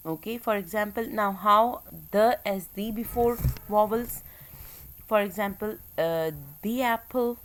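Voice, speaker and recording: A Pakistani woman teacher with a medium-pitched voice delivers a recorded English grammar lecture. She explains things step by step, pausing often and using fillers.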